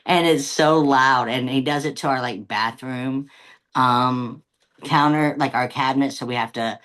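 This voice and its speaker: A woman co-hosting a podcast in casual chat, an animated storyteller who acts out little voices for her pets. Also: a bass voice. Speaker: podcast co-host.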